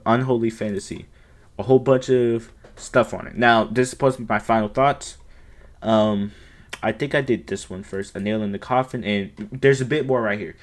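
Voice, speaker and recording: Young male commentator, exasperated and incredulous, mid-pitched voice, solo rant. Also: a bit bright. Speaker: commentary video host. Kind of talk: ranting commentary over screenshots.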